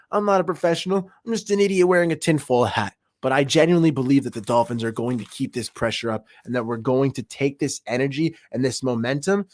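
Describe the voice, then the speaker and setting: A man's voice: medium pitch, no room sound, studio quality. A young man hosting a fan livestream, talking football in a hyped, emphatic and rambling way. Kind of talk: excited sports fan livestream talk.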